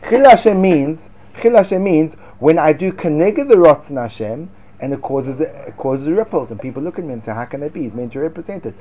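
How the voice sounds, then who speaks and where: A man giving a lively Torah class to students, sarcastic and quick to laugh at his own points. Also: on the high side. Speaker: Torah teacher.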